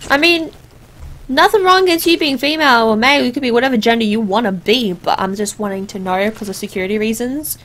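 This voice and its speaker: A woman's voice: a little high, a bit bright. A young woman giving rambling, jokey let's play commentary as she plays a game. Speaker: gamer.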